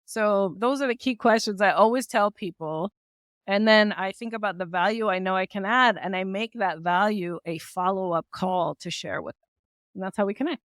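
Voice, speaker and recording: A woman guest on a podcast, talking in an upbeat, energetic way with lots of asides like "right?" and "like". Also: medium pitch, moderate pace, clear, resonant tone, no room sound, clean studio sound. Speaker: guest entrepreneur. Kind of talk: casual podcast interview.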